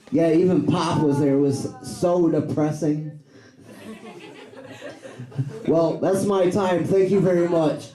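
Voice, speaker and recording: A man at an open mic telling corny one-liner puns and chuckling at his own jokes. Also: fairly high pitch. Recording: echoey cafe room.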